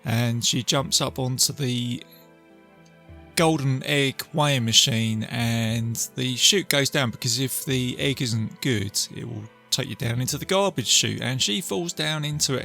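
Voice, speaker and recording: A man's voice: medium pitch, measured pace, vocal fry, sharp tone, faint music behind. A man hosting a podcast, casually retelling a film plot in a rambling way with fillers and restarts. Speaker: podcast host.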